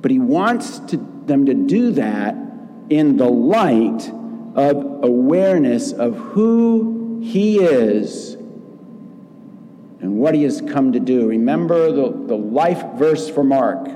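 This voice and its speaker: A man preaching a sermon as pastor, acting out quoted lines with lively changes of voice. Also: mid-range voice. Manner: slow, animated preaching with acted quotes. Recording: long reverb in a large room.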